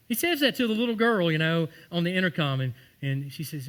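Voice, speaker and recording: A man's voice: on the high side, fast talker, hardly any pauses. A man preaching a sermon in church, telling stories and acting out the voices of the people in them. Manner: storytelling, acting out quoted voices. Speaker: pastor. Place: church sanctuary.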